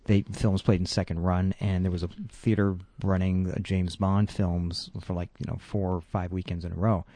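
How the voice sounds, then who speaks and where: A man's voice: deep voice, level tone, moderate pace, mellow, dry recording. A man from Quebec chatting casually in a group film commentary, rambling and playful.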